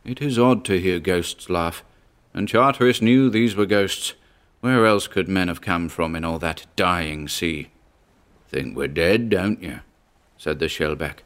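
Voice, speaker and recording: A man narrating a story in a measured, even reading. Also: deep voice, clear, resonant tone. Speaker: audiobook narrator. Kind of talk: scripted narration.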